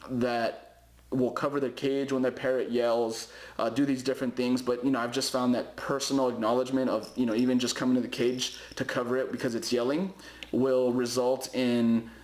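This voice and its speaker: A man's voice: medium pitch, flat delivery, normal speed, a little mellow. Rambling man giving casual parrot-care tips. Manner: rambling, loose, full of fillers and restarts. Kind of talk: casual advice vlog. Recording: roomy echoey home recording.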